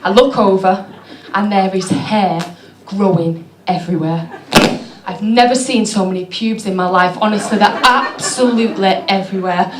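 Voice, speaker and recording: A woman doing stand-up, telling stories in a deadpan, self-mocking way. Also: medium pitch, moderate pace, a crowd in the background. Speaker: stand-up comedian. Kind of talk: stand-up comedy. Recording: echoey venue with clear background noise.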